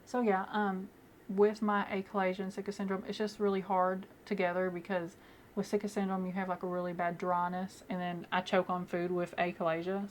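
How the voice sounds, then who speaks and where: A woman's voice: lowish voice, slight background noise. A young woman vlogging casually as she does her makeup, chatty and rambling with many fillers, at home. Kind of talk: casual get-ready-with-me chat.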